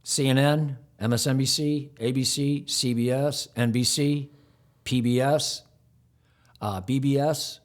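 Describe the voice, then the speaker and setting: A man's voice: medium pitch, fairly even intonation, a little slow. A man who produces and hosts community television shows, answering interview questions emphatically and rattling off long lists. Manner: mocking rhetorical outbursts.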